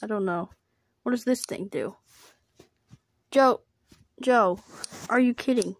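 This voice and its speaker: Taking her time, a woman with a somewhat high voice narrates a homemade role-play tale and plays each part herself. Eager yelps give way to flat, deadpan comments and back again.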